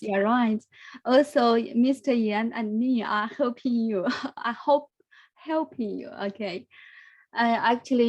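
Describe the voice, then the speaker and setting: A woman leads an online English class, speaking slowly and encouragingly as she coaches pronunciation. Her voice sits fairly high. The sound is dry and close. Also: darkish tone, no room sound. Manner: slow, encouraging, repeats words for practice. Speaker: English teacher. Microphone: video call.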